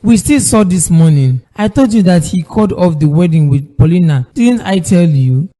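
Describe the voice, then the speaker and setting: A man's voice: high-pitched, animated, moderate pace, dark tone. An actor playing a distressed young man pleading over his father. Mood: grieving. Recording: long hall reverb.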